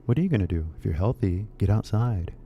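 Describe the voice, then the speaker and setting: Gravelly laid-back Californian man. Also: on the low side, expressive, lo-fi sound, a little hiss or hum. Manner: laid-back, musing, drawn-out phrases. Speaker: English teacher. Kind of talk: casual rambling video lesson.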